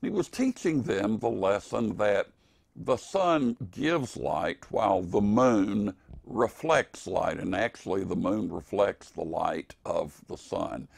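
An older man preaching an evening devotional in a slow, earnest, emphatic way. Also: fairly low pitch, animated, gravelly, breathy edge, no room sound, studio quality.

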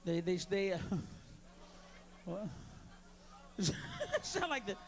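A man doing a stand-up routine on a club stage, brash and profane, working the crowd and bursting into shouts. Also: high-pitched, huge pitch swings, very slow. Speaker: stand-up comedian.

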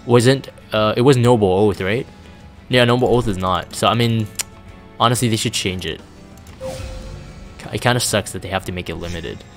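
Laid-back low-voiced man streaming. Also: moderate pace, long pauses, faint music behind. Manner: reads chat aloud, rambling and laid-back with many fillers. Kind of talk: casual live-stream chat.

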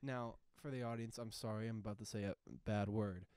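A man's voice: lowish voice, fairly even intonation, brisk, a little mellow, clear, resonant tone, dry recording. Young man rambling about a movie. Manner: rambling, lots of "like", acts out quotes. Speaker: podcast host. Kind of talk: casual movie chat.

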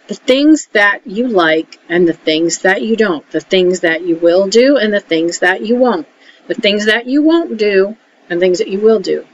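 A woman's voice: mid-range voice, animated, unhurried. Chatty woman giving frank life advice. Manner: chatty, keeps checking in with "okay?"; frank, mildly salty. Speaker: emotional support vlogger. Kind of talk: casual advice talk to camera. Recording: dull lo-fi audio with faint hiss.

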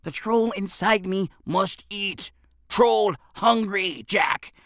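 A man's voice: high voice, takes it slowly, a bit bright, no room sound, studio quality, pitched above the performer's own voice. A man voicing a playful, mock-formal teenage boy who clowns around in an audiobook. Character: joking, theatrical young teen best friend.

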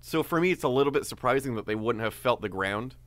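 Relaxed man telling a story on a podcast. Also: mid-range voice, quick pace, dry recording. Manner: relaxed storytelling with many fillers and restarts. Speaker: podcast co-host.

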